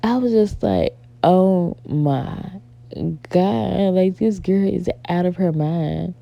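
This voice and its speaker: A young woman vlogger telling a story in a casual chat, animated and exasperated, often calling her viewers "y'all". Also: fairly low pitch, slow, creaky, lo-fi sound.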